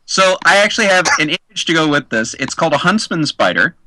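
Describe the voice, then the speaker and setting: A man's voice: a little high, sing-song, fast, background noise. A man co-hosting a casual podcast, reading a funny news story aloud and laughing often. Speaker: podcast co-host.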